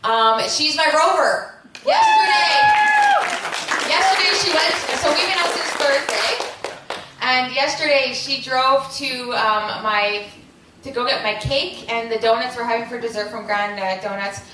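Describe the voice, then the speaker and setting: A woman's voice: on the high side, moderate pace. A young adult woman giving a heartfelt wedding thank-you speech, with frequent ums and small laughs. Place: large wedding reception hall with guests. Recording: very echoey, distant, noisy crowd. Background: murmuring wedding guests.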